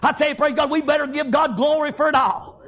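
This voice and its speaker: A man preaches a fervent sermon, often shouting and scattering "praise God" and "amen" throughout. His voice is very high and he talks fast.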